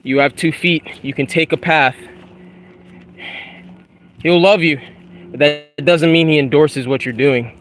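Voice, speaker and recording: A man's voice: fairly high pitch, measured pace, long pauses, a bit bright, a little hiss or hum. A young man, a YouTuber, talking casually about faith while walking a wooded trail outdoors, laid-back and full of slang. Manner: laid-back, slangy, says dude and bro a lot.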